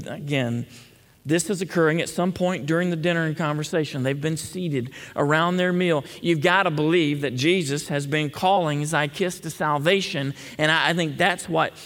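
A pastor preaching a conversational sermon in a church, often checking in with the congregation. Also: male voice, fairly high pitch, a bit bright. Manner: conversational, frequent "okay?" check-ins. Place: church sanctuary. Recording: long hall reverb.

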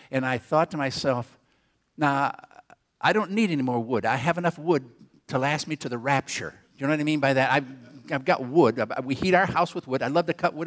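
An older man preaching a sermon as a rambling story, folksy and self-deprecating, with quick asides to the congregation and a rural turn of phrase. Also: a little high. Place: church auditorium. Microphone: handheld or headset mic.

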